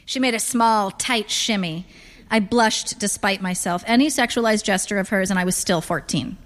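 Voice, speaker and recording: A woman narrating first-person literary fiction in a dry, deadpan manner. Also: mid-range voice, moderate pace. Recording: long reverb.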